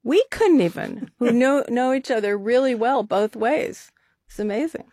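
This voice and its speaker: A woman's voice: on the high side, moderate pace, warm tone, no echo, studio quality. An older woman talking as an interview guest, chatty and laughing often, with plenty of fillers. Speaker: guest, art activist co-founder. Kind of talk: casual interview talk.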